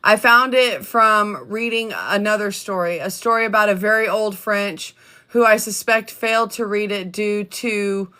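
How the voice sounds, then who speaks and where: A woman hosting a casual livestream, reading letters aloud in a chatty, halting way with many ums and restarts. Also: medium pitch, pushed and bright, smooth. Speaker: livestream host reading documents.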